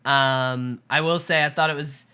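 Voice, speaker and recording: A woman co-hosting a casual TV recap chat, retelling scenes with lively quoted asides. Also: very deep voice, a little slow, clear, resonant tone. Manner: chatty, animated retelling with quoted asides and laughs. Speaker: podcast co-host.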